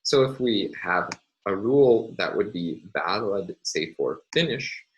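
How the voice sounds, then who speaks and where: A man lecturing on phonology in a measured, explanatory way, pausing often with "uh" and "um". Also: lowish voice, animated, lo-fi sound. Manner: measured, explanatory, with frequent "uh" and "um" pauses. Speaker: university lecturer. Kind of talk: recorded academic lecture.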